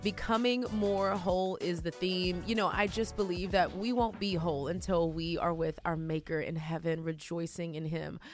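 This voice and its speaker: A woman with a Texan accent hosting a faith podcast, talking in a loud, energetic and emotional way. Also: fairly low pitch, normal speed, hardly any pauses, faint music behind. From Texas. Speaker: podcast host. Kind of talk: casual podcast chat.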